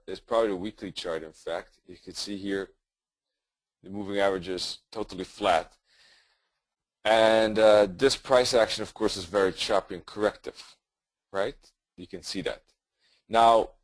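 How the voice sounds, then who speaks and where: A man's voice: on the low side, no echo, low-quality recording. A man presenting a live trading webinar, explaining charts conversationally and correcting himself as he goes. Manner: conversational, thinking aloud with fillers and self-corrections.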